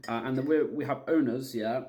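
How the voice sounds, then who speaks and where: A man's voice: mid-range voice, fairly quick, darkish tone, a little hiss or hum. A man giving a heated, blunt football match review as a fan vlogger, repeating himself and swearing.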